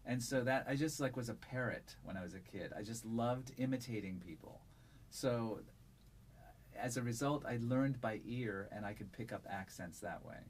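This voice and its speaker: Male narrator, resonant mid-pitched voice, easygoing interview answers, faint noise behind. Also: normal speed. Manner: relaxed, thoughtful, with frequent fillers. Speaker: audiobook narrator. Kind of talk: conversational interview.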